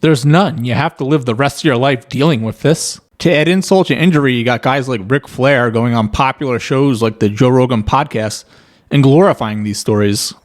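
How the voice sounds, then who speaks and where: A man's voice: mid-range voice, moderate pace. A man giving reaction commentary, skeptical and building long hypothetical scenarios to argue his point.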